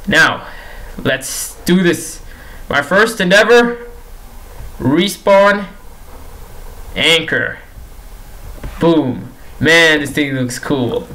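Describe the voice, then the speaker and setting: A man's voice: fairly high pitch, extremely slow, long pauses, sharp tone, poor audio. Pleading, exasperated young man gaming. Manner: pleading and exasperated, repeats himself, talks to the game characters. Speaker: gaming YouTuber. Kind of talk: casual gameplay commentary.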